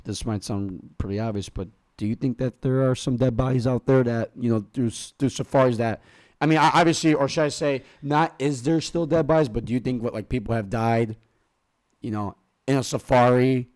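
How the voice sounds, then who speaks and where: Young male co-host, mid-pitched, jumpy delivery full of fillers and swearing. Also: fairly quick, darkish tone. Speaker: podcast co-host. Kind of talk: casual chat.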